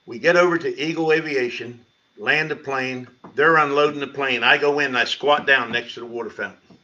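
Middle-aged male pastor, church Bible study testimony, animated storytelling, bright forceful voice, lo-fi livestream sound. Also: fairly quick. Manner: storytelling, animated, rises high when quoting himself.

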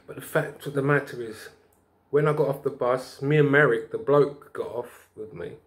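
A man's voice: mid-range voice, moderate pace. Preachy man telling a story. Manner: preachy, lively storyteller who sings snatches and laughs. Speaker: vlogger. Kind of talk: rambling spiritual storytelling.

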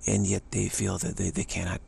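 Gravelly, husky man rambling. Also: deep voice, completely flat delivery, a little fast, a little mellow. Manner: repetitive, restarting phrases, mocking quoted voices. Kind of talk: rambling spiritual monologue.

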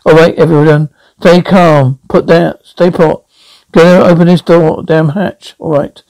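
A spaceship crewman in a sci-fi film who barks urgent orders during an emergency. His voice sits a little high and has a gravelly fry. The dialogue sounds dry and close to the mic. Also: flat delivery, measured pace, a little mellow, no echo, rough recording. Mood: tense.

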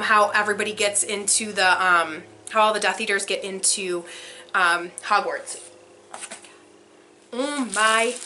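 A young woman excitedly unboxing a subscription box for her vlog, gushing and exclaiming as she goes. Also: medium pitch, noisy background. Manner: gushing, breathless, frequent exclamations.

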